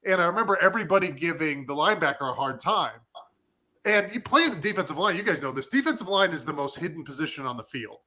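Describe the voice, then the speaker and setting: A man in his thirties co-hosting a casual sports chat, talking in an animated, fired-up way. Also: a little high, fast talker. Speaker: podcast co-host, former defensive lineman.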